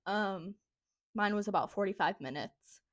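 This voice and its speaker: A young woman at a mid-pitched, everyday level tells a rambling story, scattering "like" through her sentences and laughing often. Her voice is close and dry, with almost no room sound. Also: unhurried, no room sound. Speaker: podcast co-host. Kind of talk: casual storytelling chat.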